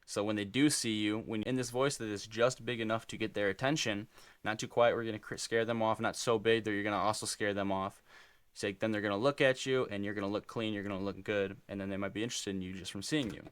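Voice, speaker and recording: A man's voice: lowish voice, fairly even intonation, fast talker, fairly bright tone, clear, resonant tone, no room sound. A young man rambling loosely through casual reaction commentary, with many fillers. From United States. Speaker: reaction video host.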